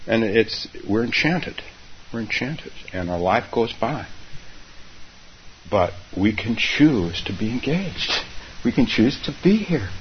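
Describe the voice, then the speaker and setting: A man's voice: mid-range voice, very animated, a little slow. A man giving a dharma talk as a meditation teacher, speaking unhurriedly and repeating his phrases. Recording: dull recording with faint hiss.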